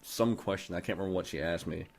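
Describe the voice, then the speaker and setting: A man casually telling a story on a podcast, animated and full of cursing. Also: low-pitched, fast, vocal fry. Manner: profane, animated, heavy cursing. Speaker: podcast host.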